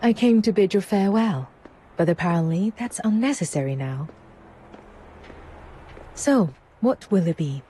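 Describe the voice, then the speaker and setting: Shrewd merchant lady, game cutscene; mellow, husky, calm and polished. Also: mid-range voice, measured pace, pauses often. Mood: composed. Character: shrewd, composed female merchant proprietress.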